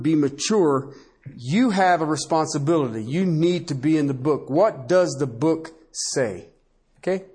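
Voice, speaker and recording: A male pastor preaching a sermon with animated delivery, swinging between low asides and high emphatic bursts and laughing often. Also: husky.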